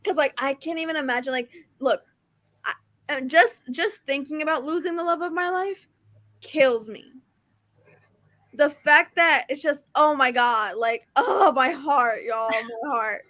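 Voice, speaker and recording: Gushing high-voiced young woman. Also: unhurried, bright, forceful tone. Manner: gushing, lots of "like" and "y'all". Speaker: cohost. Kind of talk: casual book discussion.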